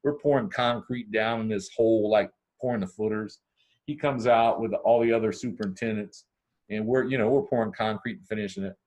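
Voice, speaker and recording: Podcast guest: man from Ohio, low-ish voice, animated casual storyteller who acts out every line of dialogue. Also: fairly quick. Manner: animated, acts out dialogue with big pitch swings.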